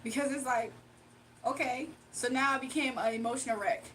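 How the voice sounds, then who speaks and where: A woman chatting casually with her viewers on a livestream, animated and laughing often. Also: sits high, a little fast, slight background noise.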